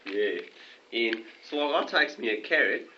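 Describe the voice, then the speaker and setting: A man's voice: medium pitch, lively intonation, normal speed, bright, forceful tone, highs cut off, a little hiss or hum. A man telling a crude, rambling story in an improvised comedy skit, full of slang, recorded on a home video camera.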